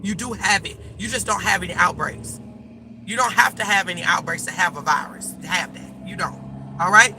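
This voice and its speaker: A woman's voice: lowish voice, a little fast, noisy background. A woman life coach talking casually and emphatically to her viewers from a car, calling them y'all. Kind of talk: casual direct-to-camera chat.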